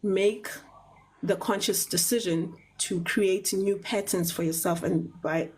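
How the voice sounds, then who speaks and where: A South African woman on a live talk show, explaining ideas in a measured way, often repeating words and checking in with "right?". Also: mid-range voice, fairly even intonation, a little mellow, breathy edge, low-quality recording.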